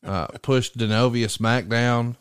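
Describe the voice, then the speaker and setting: A man hosting a podcast in casual chat, retelling stories with lively jumps in voice when quoting others. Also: medium pitch, slow pace, clean tone, no echo, studio quality. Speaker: podcast host.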